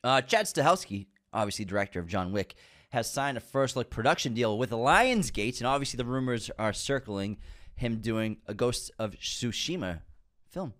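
A man's voice: medium pitch, expressive, moderate pace, a bit bright. A man co-hosting a casual film-news podcast, teasing and laughing often. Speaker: podcast co-host.

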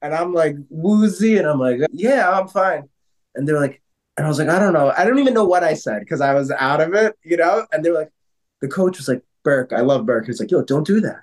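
A man co-hosting a casual podcast, telling stories in an animated way with lots of fillers and some swearing. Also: a little high, fast. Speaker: podcast co-host. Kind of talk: casual chat.

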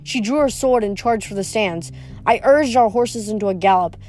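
A woman's voice: mid-range voice, moderate pace, darkish tone. A woman reading a novel aloud in a plain, unpolished way, with small slips and restarts. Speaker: reader.

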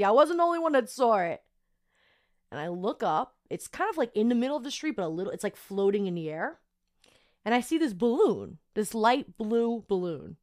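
A young woman speaking to her podcast listeners in a medium-pitched voice. She tells a personal story in a loose, emotional and rambling way, with lots of "like" and "you know". The sound is dry, with little room echo. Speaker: podcast host.

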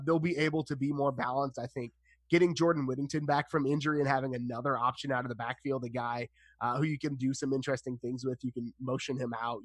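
A man's voice: medium pitch, dry recording. Male podcast guest: candid football analyst, filler-heavy, dry close sound. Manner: frank, analytical, many fillers. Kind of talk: casual sports chat.

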